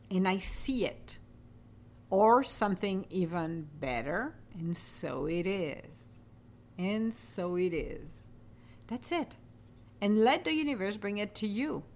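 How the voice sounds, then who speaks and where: Upbeat woman podcaster from Europe, casual motivational chat, mid pitch, laughs easily. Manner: chatty and upbeat, laughs often, slows into calm affirmations. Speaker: podcast host.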